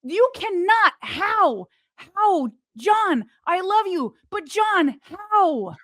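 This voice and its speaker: A woman's voice: very high-pitched, sing-song, extremely slow, a bit bright, dry recording, studio quality. A woman co-hosting a sports podcast, giving impassioned commentary full of rhetorical questions. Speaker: podcast co-host.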